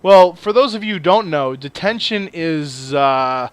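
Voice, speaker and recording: A man's voice: fairly high pitch, measured pace, smooth, no room sound. A young man swearing his way through a casual story while commenting on his own gameplay. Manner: profane, swears constantly; animated, jokey. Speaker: gaming channel host.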